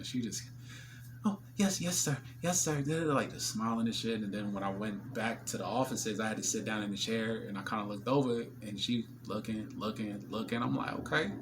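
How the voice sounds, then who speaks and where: A man's voice: on the low side, background noise. A man, telling stories in a casual, slangy vlog monologue with many fillers, often acting out other people's voices. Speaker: vlogger.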